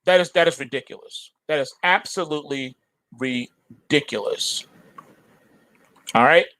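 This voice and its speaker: A middle-aged man hosting a market show, delivering a forceful, repetitive opinion monologue. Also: a little high, measured pace, low-quality recording. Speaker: trading show host.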